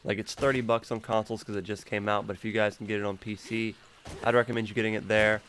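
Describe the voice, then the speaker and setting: A man's voice: fairly low pitch, level tone, fast, a bit bright, slight background noise. A man giving casual, rambling gameplay commentary as a gaming YouTuber. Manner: rambling, loose, laughs easily.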